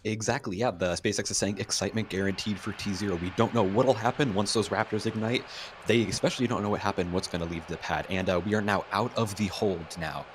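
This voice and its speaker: Fast-talking low-voiced co-commentator. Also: male voice, steady tone, slight background noise. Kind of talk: live launch commentary.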